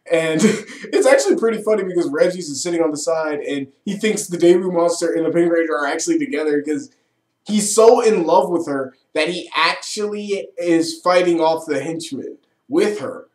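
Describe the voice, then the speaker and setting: A man's voice: fairly high pitch, normal speed, a little mellow. A man casually recapping and reviewing a show episode with enthusiasm, swearing and laughing often. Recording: echoey room.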